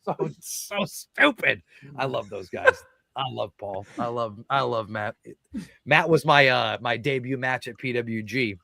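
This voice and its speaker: A man's voice: medium pitch, a little slow, vocal fry, pushed and bright, no room sound. A man, a wrestler, telling stories on a casual podcast, swearing often, laughing through them, acting out other people's lines.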